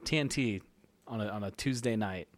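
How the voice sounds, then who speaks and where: A young adult man co-hosting a movie podcast, casual and joking with quick teasing asides. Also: fairly low pitch, no room sound. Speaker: podcast co-host. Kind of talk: casual movie review chat.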